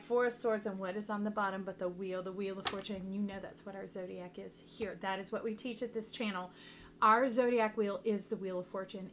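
A woman giving a casual, chatty tarot reading to her viewers, affectionate and quick to laugh. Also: mid-range voice, a bit bright, a little hiss or hum. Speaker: tarot reader.

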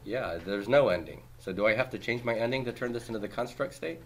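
A man teaching a class, reviewing homework by asking brisk questions and cracking dry jokes. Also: mid-range voice, a bit bright, a little hiss or hum. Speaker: Hebrew teacher.

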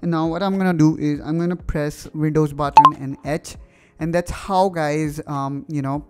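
A man with an Indian accent walking through a software tutorial on screen, talking casually with fillers and addressing viewers as "guys". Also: fairly high pitch, fairly even intonation, moderate pace, over music. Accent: Indian English. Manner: explanatory, with frequent fillers like "you know" and "guys". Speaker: tech tutorial host.

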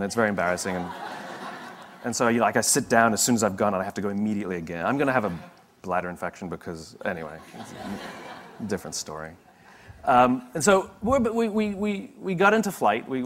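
A man's voice: on the low side, a little hiss or hum. A man giving a motivational talk, telling stories in a conversational way with humorous asides. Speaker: motivational speaker.

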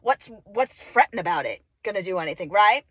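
A woman's voice: medium pitch, lively intonation, a little fast, no room sound, muffled recording. A young woman vlogging from her phone at arm's length, rambling through sweary, self-mocking comic tangents. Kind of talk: rambling comedic vlog monologue. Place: in and around a car. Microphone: phone held at arm's length.

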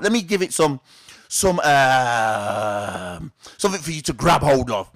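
A man's voice: on the high side, a little slow, gravelly. A man hosting a weekly trading tip, teaching straight to his viewers and firing off rhetorical questions that he answers himself. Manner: animated, asks rhetorical questions and answers them. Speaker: trading educator and show host. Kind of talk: direct-to-camera teaching talk.

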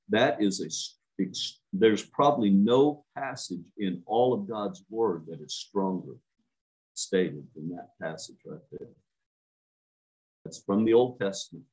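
A man with a low, deep voice preaches a sermon as a minister. He drives his points home by repeating words over and over, and he puts direct questions to his listeners. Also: expressive, takes it slowly, a little mellow, rough recording. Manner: emphatic, repeats words for stress.

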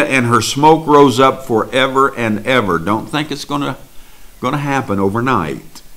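A man delivers a sermon with scripture readings. He speaks unhurriedly and stretches out his phrases in a preaching cadence, and his voice sits at an ordinary middle pitch. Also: a bit bright. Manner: slow, drawn-out preaching cadence.

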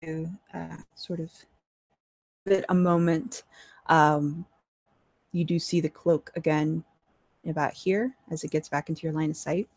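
Calm woman narrating a tabletop game. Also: low voice, no echo. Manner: calm, measured descriptions with frequent fillers. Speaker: dungeon master.

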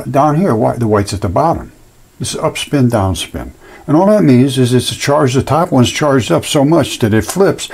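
A man's voice: mid-range voice, vocal fry, a little mellow, breathy edge. A man presenting his own physics ideas in a casual explanatory talk, folksy and emphatic, acting out sounds with repeated words. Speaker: presenter of fringe science videos.

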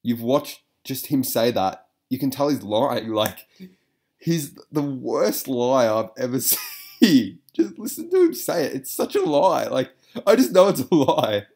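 A man's voice: mid-range voice, big pitch swings, unhurried, darkish tone, breathy edge. A man giving casual reaction commentary, rambling with lots of fillers, swearing and frequent laughter.

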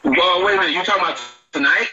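A man's voice: high voice, lively intonation, racing, sharp tone. A man arguing defensively on a phone-in show, cursing and cutting in. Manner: defensive, argumentative, cusses. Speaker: show host on a phone-in clip. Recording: muffled clip with faint noise.

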